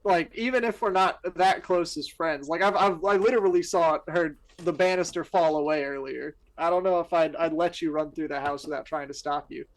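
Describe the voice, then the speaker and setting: A man playing a character in a tabletop game, talking in a hesitant, halting way. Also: a little high, poor audio. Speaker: player.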